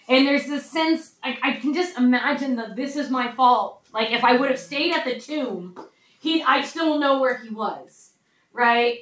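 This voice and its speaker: A woman preaching a conversational sermon, often checking in with her listeners with a quick "right?". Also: high voice, a bit bright. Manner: conversational, frequent "right?" asides. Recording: echoey room, mic at a distance.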